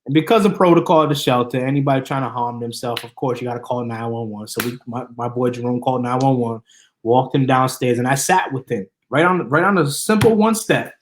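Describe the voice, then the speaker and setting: A man's voice: medium pitch, brisk, slight background noise. A man in his twenties, a guest, telling his life story earnestly in a casual interview and acting out the people he quotes. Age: 20s. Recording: roomy echo.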